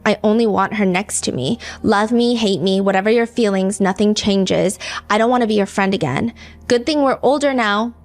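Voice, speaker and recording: A woman hosting a true-crime podcast, chatting casually and reading lyrics and comments aloud. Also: mid-range voice. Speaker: podcast host.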